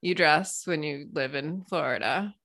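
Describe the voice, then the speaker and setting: A woman hosting a casual podcast interview, asking relaxed questions. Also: low-pitched, a little slow, a crowd in the background. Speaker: podcast host.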